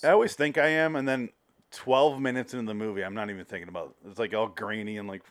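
Guy chatting about movies, dry close sound, animated, acts out scenes, swears a lot. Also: lowish voice, quick pace, no echo. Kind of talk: casual movie discussion.

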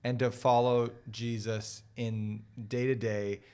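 Earnest man, mid pitch. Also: slow, smooth. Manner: earnest, rambling with restarts, animated storytelling. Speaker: guest, ministry leader. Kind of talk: casual faith conversation.

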